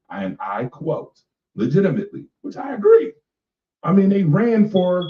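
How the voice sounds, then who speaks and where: Animated man ranting about sports, echoey. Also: fairly high pitch. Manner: animated, emphatic, repeats lines for effect; laughs between remarks. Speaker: radio show host. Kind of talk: casual sports rant. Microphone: personal microphone. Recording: echoey, distant, dull mic sound.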